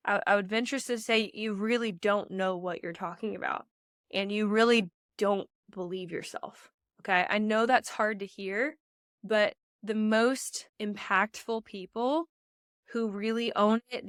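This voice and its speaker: Heavily pregnant and slightly out of breath, a young pageant coach delivers energetic, emphatic advice on her podcast, talking directly to "you guys." Her medium-pitched voice is clean, captured in echo-free studio quality.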